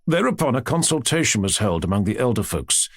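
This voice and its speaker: A man reads an audiobook with a husky, slightly breathy voice and a lively, wide-ranging pitch. The recording is close and dry, with no room sound. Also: fairly quick, no echo. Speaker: audiobook narrator. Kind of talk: audiobook narration.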